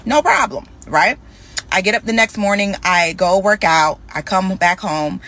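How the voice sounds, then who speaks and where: A young woman telling a candid personal story in a conversational, animated way, acting out the dialogue as she goes. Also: fairly low pitch, moderate pace.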